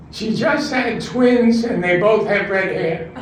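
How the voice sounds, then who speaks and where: Older man, stand-up at a retirement home show: high voice, unhurried jokes, chuckles, distant mic in an echoey noisy room. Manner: slow, deliberate delivery of one-liners, chuckling at his own punchlines. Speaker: stand-up comedian at a talent show. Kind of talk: stand-up joke telling. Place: community room of a retirement residence.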